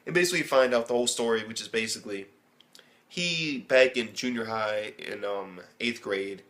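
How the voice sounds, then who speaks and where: A man giving a casual, rambling recap of an anime episode as a reviewer, excitable and swearing heavily. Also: mid-range voice, fairly quick. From United States.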